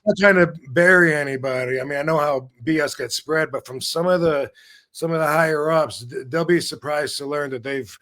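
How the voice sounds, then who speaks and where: A man hosting a podcast, his voice sitting a little higher than most men's. He rambles in loose casual chat, swears freely and keeps restarting his sentences. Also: brisk, fairly bright tone. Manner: rambling, profane, self-interrupting. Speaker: podcast host.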